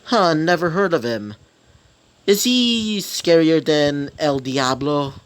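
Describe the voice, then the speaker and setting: A man's voice: fairly high pitch, animated, slow pace, pitched above the performer's own voice. A man voicing an easygoing, forgetful male sidekick who rambles with hesitations. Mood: casual.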